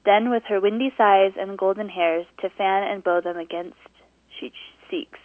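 A woman's voice: medium pitch, steady tone, moderate pace, no echo. A woman calling in to a radio show by phone, bubbly and giggly, reading a poem aloud. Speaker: caller. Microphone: telephone. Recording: tinny phone line.

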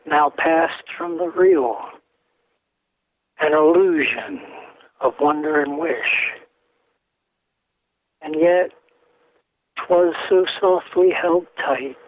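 Man calling in, slow, over a phone. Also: fairly high pitch. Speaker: caller. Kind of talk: poetry recitation. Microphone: telephone. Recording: tinny phone line with faint hiss.

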